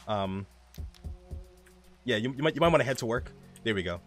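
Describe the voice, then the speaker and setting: A man's voice: medium pitch, fast talker, pauses often, faint music behind. A young man streaming a game live, rambling casually, reading chat aloud and swearing often.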